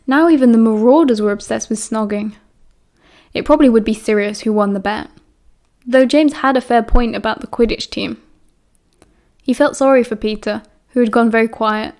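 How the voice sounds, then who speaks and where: A woman with a British accent narrates an audiobook with a calm, steady flow. Her voice sits a little higher than most women's. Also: moderate pace. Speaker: audiobook reader.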